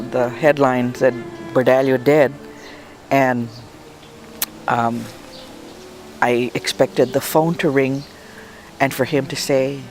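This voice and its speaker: A woman's voice: extremely low pitch, darkish tone. An older woman from Guam recounting a personal memory for an oral history, emotional and reflective, often repeating words for emphasis. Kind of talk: personal storytelling.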